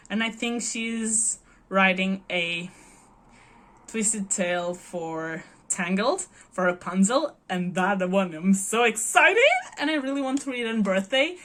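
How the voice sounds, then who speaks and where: A woman's voice: medium pitch, fairly bright tone. A Portuguese woman in her early twenties, a native Portuguese speaker, chatting casually and gushing with giggles as a book vlogger. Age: early 20s. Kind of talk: casual chat.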